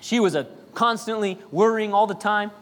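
A man's voice: high-pitched, normal speed. A man preaching a sermon, talking to the congregation in a chatty way, full of jokes and asides. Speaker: pastor.

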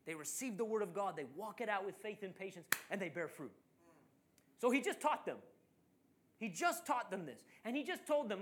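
Animated male preacher telling a story. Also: very high-pitched, brisk. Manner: animated storytelling, acting out quoted voices. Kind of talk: sermon.

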